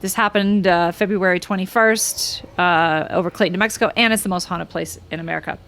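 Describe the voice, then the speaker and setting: A woman hosting a podcast in casual chat, rambling and excitable with many fillers. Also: fairly low pitch, fairly quick. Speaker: podcast host.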